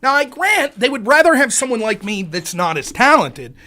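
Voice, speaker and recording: A man's voice: extremely high pitch, big pitch swings, moderate pace, sharp tone. A man hosting a political live stream, ranting in a profane, combative, sarcastic way. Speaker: livestream political commentator.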